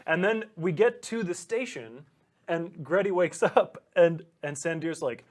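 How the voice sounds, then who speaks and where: A man playing a tabletop game, describing his character's actions with an animated, giggly manner. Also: fairly high pitch, measured pace. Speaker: player. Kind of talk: tabletop role-play narration.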